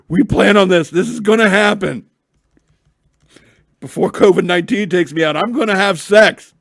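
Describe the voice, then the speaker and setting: A man playing a shouting, eager young groom. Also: sits high, vocal fry, no echo, clean studio sound, pitched above the performer's own voice, heavily acted. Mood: giddy. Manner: loud, slow, emphatic declarations.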